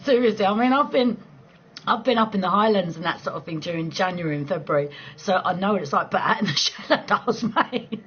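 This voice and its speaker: A woman's voice: medium pitch, lively intonation, fairly quick, a bit bright, slightly rough. A woman in her forties hosting a casual late-night chat with viewers, laughing often, swearing freely and rambling through restarts. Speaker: live stream host chatting with viewers. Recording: dull lo-fi stream audio with faint noise.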